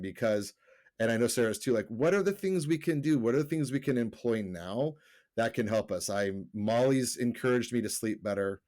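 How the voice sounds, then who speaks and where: A man's voice: mid-range voice, a little mellow. A middle-aged man co-hosting a podcast remotely, chatting casually, rambling and correcting himself as he goes. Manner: rambling, self-correcting, laughs easily. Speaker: podcast co-host. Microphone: remote call.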